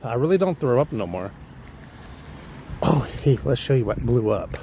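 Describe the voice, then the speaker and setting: A man with a Californian accent tells a long story off the cuff, swearing freely and jumping between thoughts. His voice sits in an ordinary middle pitch. There is a faint hum of traffic behind him. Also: moderate pace. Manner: rambling, profane, animated storyteller. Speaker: livestream vlogger. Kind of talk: casual storytelling chat.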